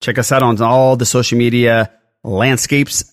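A man's voice: mid-range voice, little pitch movement, moderate pace, no echo, studio quality. A man in his thirties hosting a casual podcast, chatty and running through plugs and news. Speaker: podcast host.

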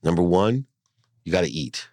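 A middle-aged man with a very low, deep voice tells a personal story in an interview, earnest and animated. The sound is dry and close, with no room echo. He leans into the emotion and pushes his points hard. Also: normal speed, vocal fry. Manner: earnest, animated, acts out his mother's voice in dialogue. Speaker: guest, entrepreneur and speaker.

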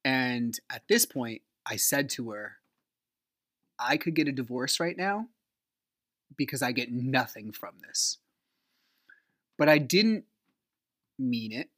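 A man's voice: medium pitch, takes it slowly, pauses often, no room sound, studio quality. A man hosting a podcast, telling a personal story in a blunt, emphatic way, acting out past arguments with feeling. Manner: emphatic, animated retelling of arguments; blunt, swears freely. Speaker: podcast host.

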